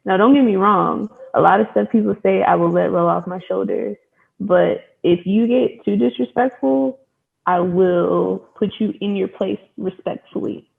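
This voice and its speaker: Frank panelist with a gravelly voice, tinny audio. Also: medium pitch. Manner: candid, frank, quick bursts. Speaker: panelist, sorority or fraternity member. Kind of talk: panel discussion.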